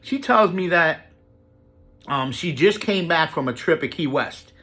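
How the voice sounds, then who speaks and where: A man recounts his own misadventure with lots of energy and salty language. His voice sits a bit high and swings widely up and down as he hits the punchlines. It's a loose, casual storytelling delivery. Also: measured pace. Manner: animated, profane, jumps pitch for emphasis. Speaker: vlogger telling a personal story.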